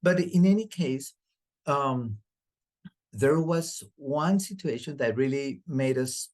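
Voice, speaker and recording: Slow, halting male researcher. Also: medium pitch, expressive, a little mellow. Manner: slow and halting, many fillers and restarts. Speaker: researcher giving a talk. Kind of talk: academic talk.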